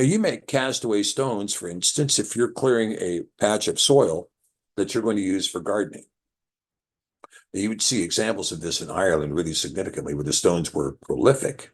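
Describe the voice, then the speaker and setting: A man teaching a Bible lesson who explains Hebrew words slowly, repeats key terms and draws as he goes. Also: deep voice, breathy edge. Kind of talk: scripture lesson with a drawing board.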